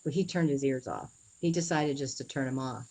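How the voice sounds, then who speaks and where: Low-voiced woman telling a painful story. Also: darkish tone, poor audio. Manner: earnest, halting storytelling with many "you know"s. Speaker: interviewee. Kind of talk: personal story in an interview.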